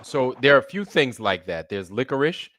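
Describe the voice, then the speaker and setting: A man's voice: medium pitch, normal speed, dry recording, clean studio sound. A middle-aged man from Brooklyn co-hosting a livestream, chatting casually and swearing freely. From Brooklyn, New York. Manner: animated storytelling, swears freely. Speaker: co-host.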